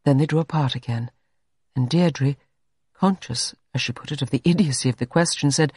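A reader narrating a classic short story in a measured storytelling manner. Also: medium pitch, darkish tone, husky, dry recording, clean studio sound. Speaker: audiobook reader. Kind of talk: scripted narration.

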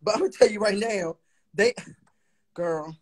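Drunk, exasperated high-voiced young man. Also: a little slow, a little hiss or hum. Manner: loud, exasperated, slurring complaints. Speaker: livestream guest. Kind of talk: drunken livestream chat.

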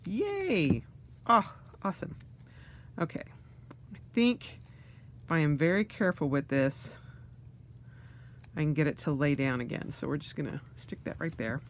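A woman's voice: low voice, expressive, measured pace, long pauses, a little hiss or hum. A woman vlogger unboxing things, gushing with gasps and delighted exclamations. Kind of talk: casual unboxing vlog.

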